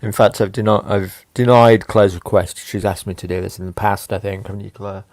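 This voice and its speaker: A man's voice: on the low side, flat delivery, a little fast, darkish tone. A man making dry, wry remarks in casual chat on a stream.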